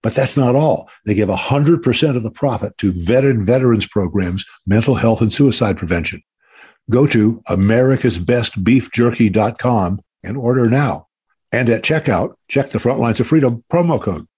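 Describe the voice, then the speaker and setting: A man's voice: mid-range voice, animated, normal speed, darkish tone, slightly rough. A middle-aged man, a retired army officer, hosting an interview show and reading ads in a folksy, upbeat way.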